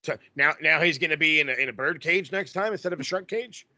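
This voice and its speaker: Man, casual podcast chat, rambling and swearing, very bright tense voice, dry close sound. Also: on the high side, quick pace, no echo. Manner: profane, rambling, excitable. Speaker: podcast co-host.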